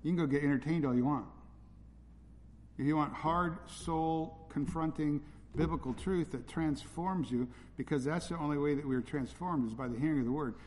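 A man's voice: fairly high pitch, normal speed, darkish tone. A man preaching a sermon as a pastor, blunt and direct in his delivery. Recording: reverberant hall.

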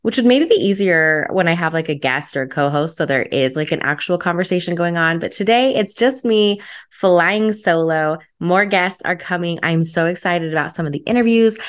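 A woman's voice: lowish voice, moderate pace. A young adult woman hosting her solo podcast, chatty and upbeat, with lots of "like" fillers. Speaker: podcast host.

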